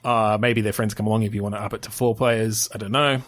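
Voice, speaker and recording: A man's voice: on the low side, steady tone, fast talker, a bit bright, dry recording. A man co-hosting a podcast, brainstorming game ideas in casual chat, laughing often, swearing and restarting his sentences. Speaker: podcast co-host.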